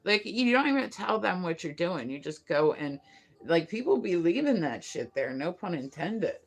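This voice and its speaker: Rambling gravelly-voiced woman livestreaming. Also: on the low side, big pitch swings, normal speed. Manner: rambling, filler-heavy, laughs at own stories. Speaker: livestream host. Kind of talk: casual livestream chat.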